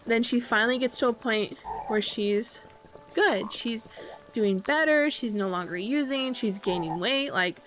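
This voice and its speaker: A woman's voice: on the high side, expressive, a little slow, a bit bright, soft background music. A woman host casually narrating a game storyline in a chatty way, with lots of fillers and tag questions. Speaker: channel host.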